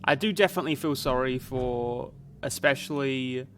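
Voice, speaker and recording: A man's voice: medium pitch, moderate pace, a bit bright, slight background noise. A young man from Canada, live streaming a video game and musing aloud in a casual, rambling way. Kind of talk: casual chat while playing a video game.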